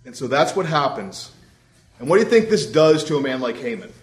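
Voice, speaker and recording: A man's voice: mid-range voice, sing-song, brisk. A young adult man preaching a sermon in a conversational, wry storytelling way. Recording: roomy echo.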